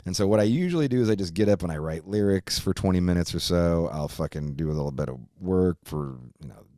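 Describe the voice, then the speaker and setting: Low-voiced man telling a rambling, profane story. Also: dark tone, no room sound, studio quality. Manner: rambling, profane, laughs often. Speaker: podcast host. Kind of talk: casual storytelling chat.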